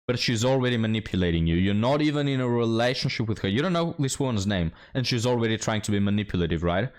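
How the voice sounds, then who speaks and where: A man with a fairly low voice gives a reaction commentary. He speaks bluntly and mocks freely, with plenty of swearing. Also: expressive, fast, smooth. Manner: blunt, mocking, profane. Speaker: commentary host.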